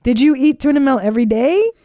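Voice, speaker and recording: A woman's voice: sits high, animated, fast talker, dark tone, dry recording, studio quality. A woman hosting a podcast in casual chat, playful and teasing, with some swearing. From Hungarian family. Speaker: podcast host.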